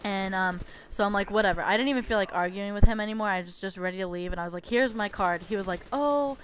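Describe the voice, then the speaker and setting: A woman's voice: medium pitch, fairly even intonation, very fast, fairly bright tone, a little hiss or hum. Chatty young woman telling a story. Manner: chatty, exasperated, full of "like". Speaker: gamer telling a story over gameplay. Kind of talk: casual storytelling.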